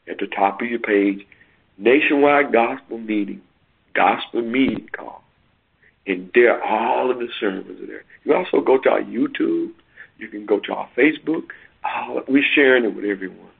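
Husky preacher on a tinny phone line. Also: male voice, medium pitch. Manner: preacherly, emphatic with drawn-out words. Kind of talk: sermon announcements and prayer over a phone call.

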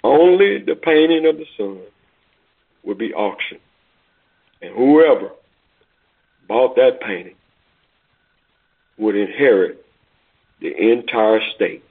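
A preacher playing a persistent auctioneer. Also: male voice, medium pitch, expressive, slow, creaky, pauses often, husky, pitched below the performer's own voice, heavily acted. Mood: insistent. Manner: insistent, calling out. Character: persistent male auctioneer, calm and insistent. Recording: tinny phone-like recording.

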